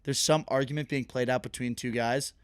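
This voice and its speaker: A young man co-hosting a podcast, telling stories in animated casual chat and laughing often. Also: mid-range voice, a little fast, clear, resonant tone, no room sound, studio quality. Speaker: podcast co-host.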